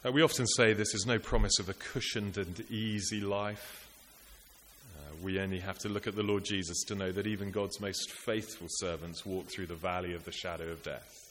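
Earnest preacher in an echoey hall. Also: male voice, low voice, steady tone, moderate pace, a bit bright. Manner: earnest, rhetorical, builds lists and repetitions. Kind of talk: sermon. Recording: echoey hall with faint hiss.

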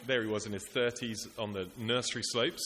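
Here a preacher speaks at medium pitch in a steady, brisk, bright and forceful tone. His sermon is earnest and rhetorical, built on repetition and lists. Faint hiss and the echo of a hall fill the recording.

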